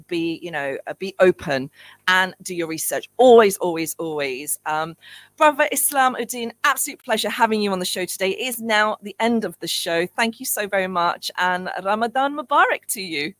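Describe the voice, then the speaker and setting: A woman's voice: medium pitch, a bit bright, no echo, rough recording. A woman hosts a casual community radio interview. She talks in an easy, chatty way and laughs often. Her voice sits in the middle of the range and sounds dry and close to the mic. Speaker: radio show host.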